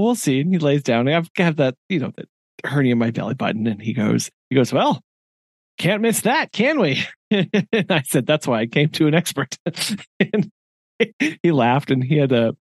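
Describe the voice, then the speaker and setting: A lively podcast co-host laughs as he tells a story in casual chat. His voice is mid-range and his speed normal, and the recording is dry and studio quality.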